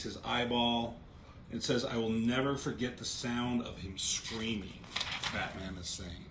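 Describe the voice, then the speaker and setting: Guy reviewing a comic, reads the panels out loud, kinda hesitant, bright voice, echoey room. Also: mid-range voice. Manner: talks through pages, reading panel lines aloud; hesitant, repeats words when starting thoughts. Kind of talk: casual review walkthrough. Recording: roomy echo, faint ambient noise.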